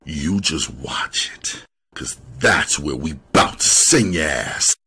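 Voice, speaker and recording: A man voicing a hard-nosed police detective who speaks in slow, menacing street slang. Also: a bass voice, big pitch swings, very noisy, exaggerated voice.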